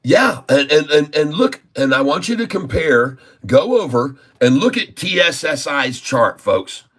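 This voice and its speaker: Pitched on the high side, slightly rough and a bit bright, a man speaks unhurriedly yet very animatedly while hosting a stock trading livestream. He offers casual market commentary, emphasizing and repeating his points while calling listeners "folks."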